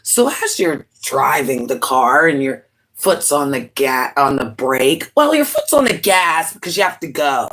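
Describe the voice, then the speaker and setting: A woman hosts a casual livestream with an unhurried, drawn-out delivery. Her voice is bright and forward, and she tells her stories in a dramatic, rambling way. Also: low-pitched, sing-song. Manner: dramatic, rambling storyteller with laughing asides. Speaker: livestream host.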